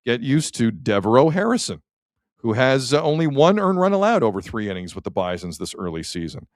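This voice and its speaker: A man hosting a sports talk show, chatty and animated as he reads out player stats. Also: mid-range voice, brisk, dry recording, studio quality.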